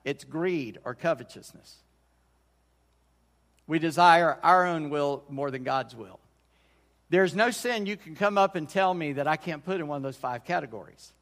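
Pastor preaching in a reverberant hall. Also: male voice, a little high, moderate pace, fairly bright tone. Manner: conversational preaching with folksy phrasing and frequent restarts. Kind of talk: sermon. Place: church sanctuary. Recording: long church hall reverb.

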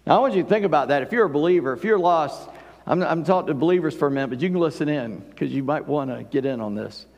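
A man's voice: fairly high pitch, lively intonation, fast talker, a little mellow. A man preaching a sermon in a conversational way, rising and falling in volume to stress his points. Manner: conversational preaching, swells and drops in volume for emphasis. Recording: long hall reverb.

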